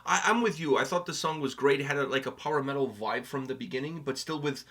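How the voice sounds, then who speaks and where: A man's voice: mid-range voice, fast talker, breathy edge. A man from Portugal co-hosting a music reaction, chatting casually and joking, with some swearing. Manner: animated, joking, swearing, trailing off into quieter asides. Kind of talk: casual chat.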